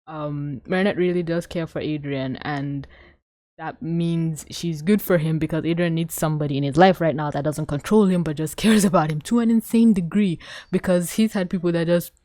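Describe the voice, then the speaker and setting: Lowish-voiced woman gushing over a cartoon ep, swears a lot, super excitable, dry close sound. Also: normal speed, dry recording. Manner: excitable, swears, gushes and acts out quotes. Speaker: cartoon episode reviewer. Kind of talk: casual commentary.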